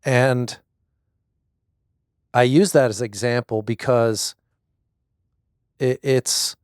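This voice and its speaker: A man's voice: medium pitch, steady tone, slow, a little mellow, clean tone, dry recording, clean studio sound. A middle-aged man reflecting thoughtfully and hesitantly in a casual conversation, often restarting his sentences. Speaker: guest, husband.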